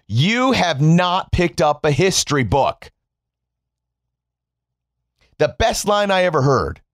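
Sarcastic man ranting with swings of pitch. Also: no room sound, clean studio sound. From United States. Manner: sarcastic, mocking, profane. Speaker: political commentator. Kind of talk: sarcastic opinion monologue.

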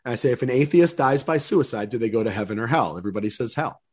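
Older male guest, earnest storyteller, stumbles into sentences, mid-pitched. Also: animated, rapid-fire, husky. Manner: earnest storyteller, repeats words when starting sentences. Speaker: guest speaker. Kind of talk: casual interview chat.

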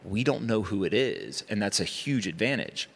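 A man's voice: lowish voice, animated, moderate pace, creaky, breathy edge, in a large hall. A man speaking as a guest on a conference panel, talking emphatically with rhetorical asides. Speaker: guest investor. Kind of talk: panel discussion. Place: conference stage.

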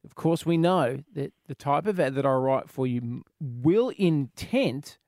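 A man's voice: fairly high pitch, animated, unhurried, warm tone, dry recording. Brief: wry Aussie male co-host, dry studio sound. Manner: jokey, wry. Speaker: radio co-host. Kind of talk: comedy radio banter.

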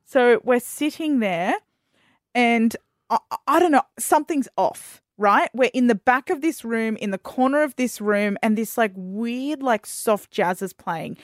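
A young woman co-hosts a podcast in a casual chat, telling a story with dramatic flair and acting out her own panic. Her voice sits fairly high and sounds close and dry, with no room around it. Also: animated, measured pace, no echo. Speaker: podcast co-host.

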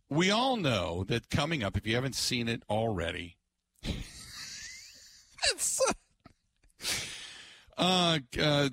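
A man hosting a sports radio show, telling stories in a casual chat and laughing often. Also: mid-range voice. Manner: laughs often, animated storytelling.

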